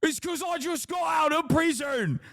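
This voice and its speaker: A man mocking a dim-witted angry lad who shouts his grievances. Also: very high-pitched, normal speed, vocal fry, no echo, studio quality, voice pushed up, heavily acted.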